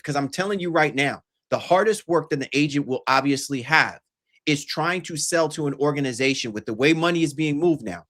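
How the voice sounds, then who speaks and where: Male podcast host, mid-pitched, emphatic run-on talker, relaxed sports banter. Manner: emphatic, long run-on arguments. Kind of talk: casual sports chat.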